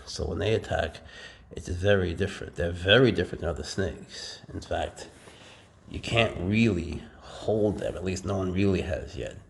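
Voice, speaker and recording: A man casually explaining and handling his snakes in a relaxed, rambling vlog indoors. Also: low-pitched, moderate pace, creaky, slight background noise. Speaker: reptile keeper. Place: warm indoor room with high ceilings.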